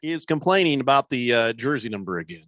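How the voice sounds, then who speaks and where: A man's voice: medium pitch, big pitch swings, fast talker, a bit bright, no room sound. A man hosting a sports radio show in casual, rambling talk full of fillers and teasing asides.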